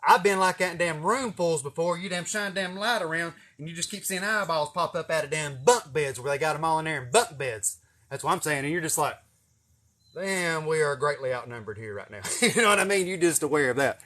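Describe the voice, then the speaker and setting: A man's voice: on the high side, fairly quick. A man telling casual stories, swearing a lot and acting out what people said. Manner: swearing, animated storytelling with acted-out quotes. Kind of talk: casual storytelling.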